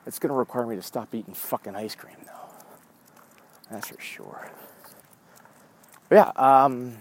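Unhurried and mid-range in pitch, a man in his forties hosts his own show during a dog walk, rambling profanely and straying from the point. A little hiss or hum sits in the background.

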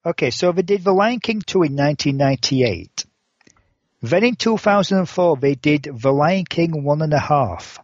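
A man's voice: on the high side, lively intonation, moderate pace, dry recording. Rambling, sarcastic man with dull lo-fi sound. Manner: rambling with many restarts and "sort of" fillers; dry sarcastic humor. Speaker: podcast co-host. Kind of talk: casual chat.

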